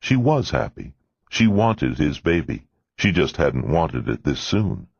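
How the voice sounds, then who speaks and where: A man narrating an audiobook in a measured, expressive reading. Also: very deep voice, gravelly, breathy edge, no echo. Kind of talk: scripted narration. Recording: dull lo-fi dry recording.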